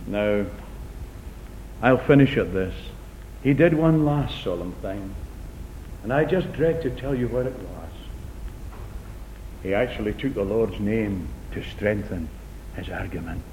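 A middle-aged man preaching a sermon in a church hall, earnest and dramatic, swinging from loud appeals to hushed near-whispers and repeating key phrases for emphasis. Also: lively intonation, a little slow, pauses often. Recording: echoey, dull recording with low rumble.

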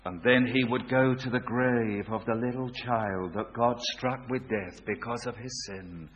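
A man preaching a sermon, swinging from hushed, quiet lines to loud, ringing ones. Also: mid-range voice, steady tone, measured pace, a little hiss or hum. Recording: dull lo-fi recording.

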